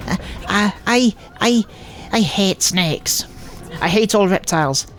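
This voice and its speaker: A man's voice: high-pitched, animated, slow, a bit bright, voice pushed up, full character voice. A man voicing a timid Scottish woman who is terrified of snakes, in a mock Scottish accent that stammers in fright. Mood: scared.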